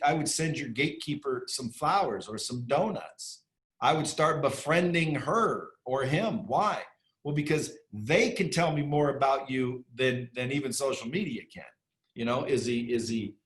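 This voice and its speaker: A man being interviewed as a guest, talking bluntly and emphatically with casual swearing and rapid-fire questions. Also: medium pitch, animated. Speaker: interview guest, sales training entrepreneur. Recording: echoey room.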